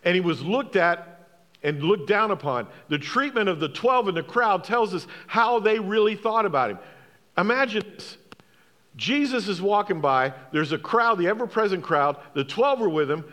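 A man's voice: sits high, lively intonation, normal speed, bright, forceful tone, in a large hall. A man, a pastor, preaching a sermon, emphatic, asking the congregation questions and repeating key phrases.

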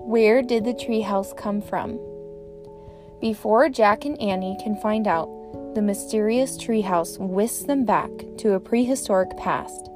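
A woman teacher hosting her own podcast, reading a children's chapter book aloud in a clear, expressive way. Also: mid-range voice.

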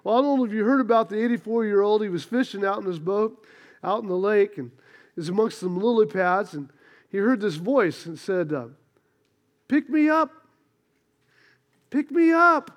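A man's voice: sits high, a little fast, a little mellow. A man preaching a sermon, folksy and storytelling as he rallies the congregation. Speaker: pastor. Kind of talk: sermon with announcements and stories.

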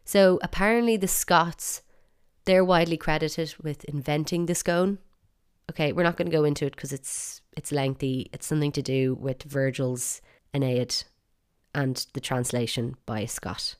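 A woman with an Irish accent talks her listeners through her podcast with a deep, low-pitched voice. She is chatty and opinionated and leans playfully on words she wants to stress. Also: steady tone, normal speed, smooth. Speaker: podcast host. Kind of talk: solo podcast monologue.

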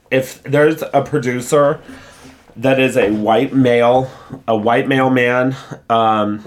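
A man who reads a gossip article aloud, then gives his candid, opinionated take in a casual, conversational way. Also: on the low side. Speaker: pop culture commentator.

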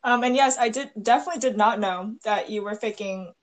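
A woman's voice: fairly high pitch, brisk, poor audio. Enthusiastic woman podcast host. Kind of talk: casual interview on a video call. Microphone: video call.

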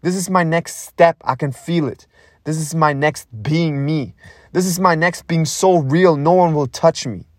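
A man's voice: fairly high pitch, dry recording. Young man, podcast host, intense, profane, repetitive, dry close sound. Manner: intense, repetitive, swears a lot, pauses to breathe. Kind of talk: raw unscripted monologue.

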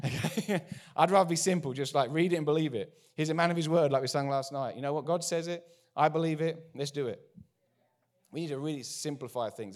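A man preaching a sermon to a congregation, animated and joking in asides. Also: on the high side. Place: church before a congregation.

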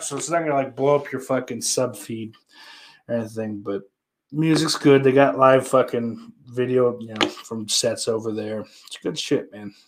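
A man's voice: mid-range voice, background noise. A man hosting his own movie vlog in loose, profane, rambling chat, trailing off and restarting. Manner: profane, rambling, offhand, full of fillers. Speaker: channel host showing his movie purchases.

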